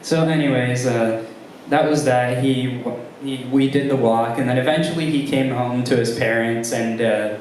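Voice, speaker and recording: A young man doing a stand-up comedy set, talking haltingly with many ums and restarts. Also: mid-range voice, fairly even intonation, a little mellow, far from the mic, a little hiss or hum. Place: comedy club room with a live audience. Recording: very roomy live room sound.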